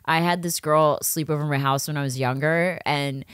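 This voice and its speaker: A woman's voice: low voice, fairly even intonation, moderate pace, smooth, no room sound, studio quality. A woman co-hosting a podcast, telling stories in casual chat with brash, profane acted-out quotes. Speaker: podcast co-host.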